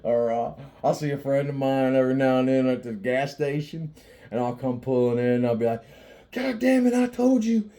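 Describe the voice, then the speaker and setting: Man, mellow mid-pitched voice, profane joker rambling casually with lots of laughter. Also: fairly even intonation, fairly quick. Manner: profane, joking, often laughing while talking; rambling with frequent restarts and fillers. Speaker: vlogger.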